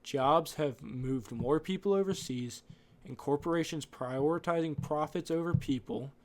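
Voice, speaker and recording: Man, podcast host, rambling casual monologue, opinionated, mid-pitched voice.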